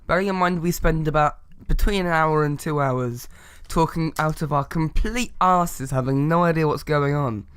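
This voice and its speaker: A man's voice: a little high, moderate pace, few pauses, a bit bright, clear, resonant tone. A young man co-hosting a casual podcast over an online call, with dry, teasing banter. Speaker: podcast co-host.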